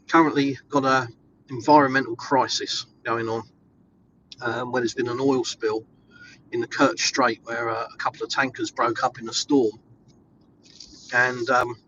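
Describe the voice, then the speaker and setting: A man's voice: medium pitch, pushed and bright, muffled recording, a little hiss or hum. An English man chatting casually and upbeat with viewers while he drives, answering their questions with plenty of ums. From England. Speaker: vlogger live-streaming. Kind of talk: casual live-stream chat while driving. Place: inside a car, driving.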